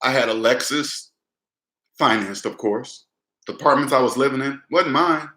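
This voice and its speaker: Young man, conversational finance talk, repeats himself; bright tone, roomy echo. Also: medium pitch, normal speed. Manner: conversational, repeats phrases, addresses listener as man. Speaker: personal finance vlogger. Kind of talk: casual talk to camera.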